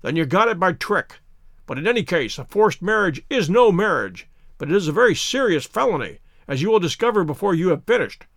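A man's voice: high-pitched, very animated, a little fast, fairly bright tone, no echo, clean studio sound, full character voice. Man reading as a cold, commanding detective. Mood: cool. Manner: cold, clipped, authoritative. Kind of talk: audiobook character reading.

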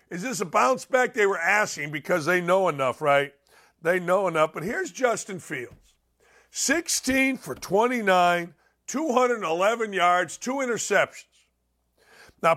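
A man hosting a sports podcast, ranting opinions on football with blunt, loud outbursts. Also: high-pitched, gravelly. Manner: loud, animated, ranting, swings into shouts.

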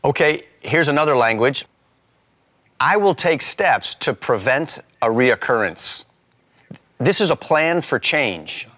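A man's voice: mid-range voice, lively intonation, takes it slowly, pushed and bright. A man hosting an interview, reading out prompts and asking follow-up questions. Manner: reads prompts then asks follow-up questions. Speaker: interview host. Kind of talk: conversational interview.

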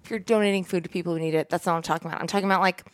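A woman's voice: lowish voice, fairly even intonation, rapid-fire, no echo, clean studio sound. Blunt, foul-mouthed woman podcast co-host. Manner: blunt, swears freely. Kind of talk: casual chat.

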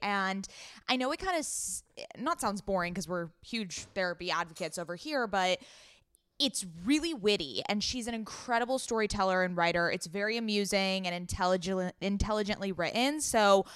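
A young woman co-hosts a relaxed podcast, upbeat and encouraging as she talks. Her voice is crisp and clear. It is recorded close and dry. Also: mid-range voice, normal speed, dry recording. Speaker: podcast co-host. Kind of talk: casual podcast chat.

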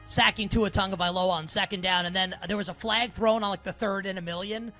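Man, sports betting talk host, casual rambling delivery, mock-royal bits, sharp bright tone. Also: high-pitched, fairly even intonation, brisk, soft background music. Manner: playful mock-regal self-reference, rambling with frequent "like".

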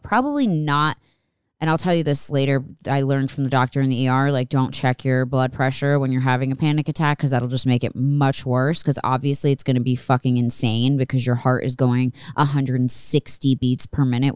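A woman in her thirties with a very deep, clear, resonant voice tells a personal story as a podcast host in a casual monologue. She is candid and profane, rambling and restarting her sentences. The studio-quality recording has no room sound.

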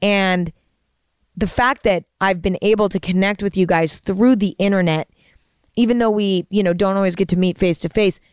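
A woman's voice: medium pitch, normal speed, clear, resonant tone, dry recording, studio quality. A woman hosting a podcast, talking in a casual, earnest and rambling way, full of fillers and restarts. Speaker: podcast host. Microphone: studio microphone.

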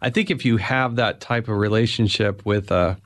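A middle-aged man hosting a podcast interview, speaking in a measured, sincere way. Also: lowish voice, a bit bright. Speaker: podcast host. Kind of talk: conversational interview.

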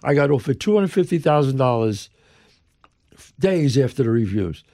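Speaking at a normal speed and medium pitch, an older New Yorker from the Bronx spins an animated story as an interview guest. He's an emphatic, lively storyteller who acts out the people he quotes, captured in a dry, studio-quality recording.

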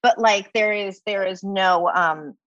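A woman's voice: mid-range voice, measured pace, a bit bright, no room sound, muffled recording. A woman co-hosting a podcast, talking casually in a heated, profane rant. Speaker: podcast co-host. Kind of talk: casual chat.

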